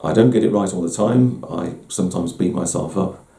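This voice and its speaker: A man's voice: sits low, brisk, vocal fry, mellow. A middle-aged man giving a candid, self-deprecating personal talk as host, often restarting his words. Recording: roomy echo.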